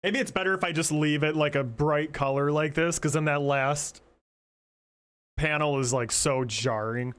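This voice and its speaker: A man's voice: fairly high pitch, moderate pace, a bit bright, clean tone. Joking, rambling male streamer. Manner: rambling, joking, thinks aloud with restarts. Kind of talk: casual livestream chat while drawing.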